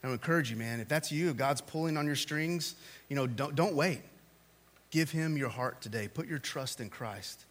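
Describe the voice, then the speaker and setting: A man preaching a sermon, talking to the congregation in a casual way, with loud, animated bursts of emphasis. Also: mid-range voice, moderate pace. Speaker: pastor.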